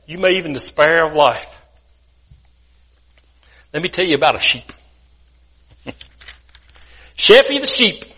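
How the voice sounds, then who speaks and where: A man's voice: fairly high pitch, fairly bright tone. A man preaching as a guest speaker, telling a folksy parable in a colloquial, homespun way. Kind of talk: sermon storytelling.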